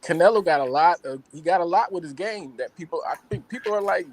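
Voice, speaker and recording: A man's voice: fairly high pitch, animated, quick pace, dry recording, poor audio. A man on a panel chat, laid-back and profane, breaking down a fight. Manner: laid-back, profane, says "you know what I mean". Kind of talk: casual boxing analysis.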